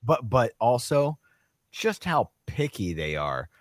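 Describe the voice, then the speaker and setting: A man's voice: medium pitch, big pitch swings, slow, dry recording, clean studio sound. A young man co-hosting a podcast, rambling in crude, profane chat with lots of "like". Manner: rambling, filler-heavy, profane. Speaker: podcast co-host.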